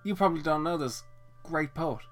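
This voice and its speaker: A man's voice: fairly high pitch, a little fast, soft background music. A man co-hosting a podcast, talking bluntly with a lot of swearing as he rambles through the topics. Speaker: podcast co-host. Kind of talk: casual chat.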